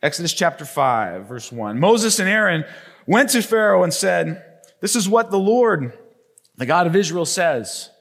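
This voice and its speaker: Animated male pastor preaching. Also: high voice, measured pace. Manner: animated, acts out the story characters in voices. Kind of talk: sermon.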